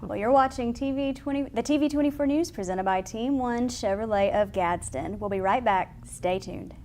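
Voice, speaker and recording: A woman's voice: on the high side, darkish tone, a little hiss or hum. A woman anchoring a local TV news show in a studio, reading stories and bantering in a bubbly, reactive way. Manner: bubbly, quick to laugh and react.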